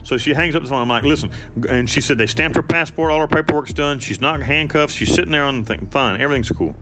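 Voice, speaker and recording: A man telling his own story in an interview, blunt and profane, with animated delivery. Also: mid-range voice, fast talker, a little hiss or hum. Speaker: interviewee, former prisoner.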